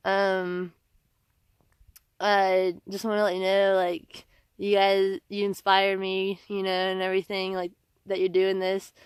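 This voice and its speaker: A woman voicing an earnest, halting older man who stopped his bike to praise her. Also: mid-range voice, monotone, smooth, no room sound, natural voice.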